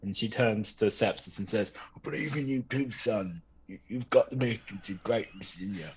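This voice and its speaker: A man playing a gruff, hard-drinking sailor woman. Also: on the low side, moderate pace, darkish tone, a little hiss or hum, close to an everyday voice. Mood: encouraging. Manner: blunt, pushy encouragement. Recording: dull lo-fi sound.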